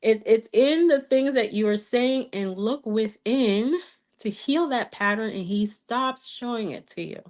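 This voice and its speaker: A woman's voice: a little high, measured pace, darkish tone. A woman with a slight accent coaching viewers in a live stream Q&A, earnest, repeating key phrases and often checking in with "okay?". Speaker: twin flame coach.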